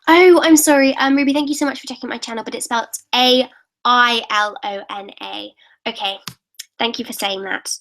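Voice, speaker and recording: A woman's voice: on the high side, fairly even intonation, a little fast, fairly bright tone, poor audio. Chatty teenage girl on a live stream. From United Kingdom. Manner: chatty and upbeat, reading out comments then answering. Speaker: YouTuber answering live questions.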